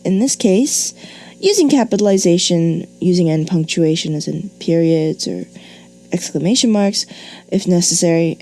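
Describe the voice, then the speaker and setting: A woman's voice: on the low side, dark tone. A woman teaching a grammar lesson on video, talking expressively and asking playful rhetorical questions.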